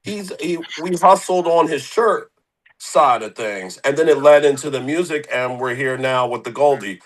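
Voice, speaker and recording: A man's voice: mid-range voice, normal speed, rough recording. A young man from the Philadelphia area, a guest musician in a casual interview, rambling with slang and lots of fillers.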